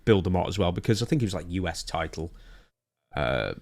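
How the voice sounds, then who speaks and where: A man chatting casually on a podcast into a studio microphone, animated and excitable, with sudden loud outbursts. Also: sits low, fairly quick. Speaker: podcast co-host.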